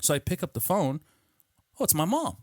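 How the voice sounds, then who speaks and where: A man's voice: a little high, normal speed, dry recording, clean studio sound. A middle-aged man hosting a podcast, telling stories animatedly and swearing freely. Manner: animated, profane, acts out quotes. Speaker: podcast host. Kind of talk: casual storytelling chat.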